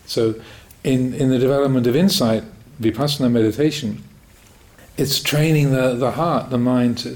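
A man who teaches Buddhist meditation, answering a question in a Dhamma talk with calm, reflective storytelling and light self-mocking humor. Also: medium pitch, poor audio.

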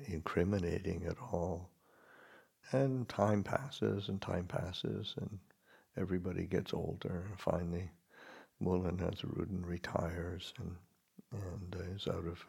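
A Buddhist monk gives a dharma talk in a deep, gravelly voice with plenty of fry. He speaks gently and haltingly, pausing and restarting his phrases. His voice is very husky and rough.

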